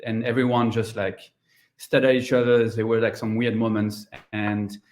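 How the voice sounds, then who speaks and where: A man giving an online conference talk, pausing often with ums and uhs. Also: fairly low pitch, flat delivery, darkish tone. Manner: hesitant, many ums and uhs. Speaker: conference speaker.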